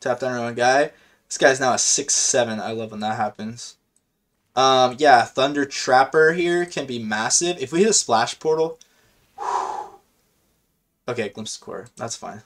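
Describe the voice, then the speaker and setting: Male gaming host, mid-pitched, loose and slangy, reacting live as he plays. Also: measured pace, long pauses. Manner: chatty, slangy, excitable, thinks aloud. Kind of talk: casual live gameplay commentary.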